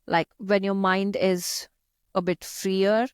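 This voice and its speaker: A woman's voice: mid-range voice, flat delivery, slow pace, clean tone, no echo, clean studio sound. A young woman from India with an Indian accent, chatting as an interview guest, laughing often and using many fillers. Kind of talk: casual interview chat.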